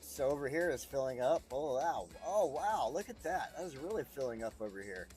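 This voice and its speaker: Man, mid-pitched, loose profane gameplay chatter, laughs a lot; cast as a casual streamer. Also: lively intonation, fairly quick, a little mellow, soft background music. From United States. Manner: rambling, profane, chuckles often. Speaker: streamer playing a city-building game.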